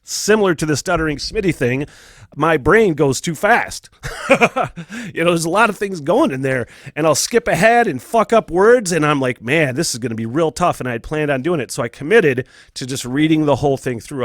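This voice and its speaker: A man's voice: fairly high pitch, dry recording, clean studio sound. Profane, chatty male podcast host. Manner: profane, rambling, laughs often. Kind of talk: candid casual monologue.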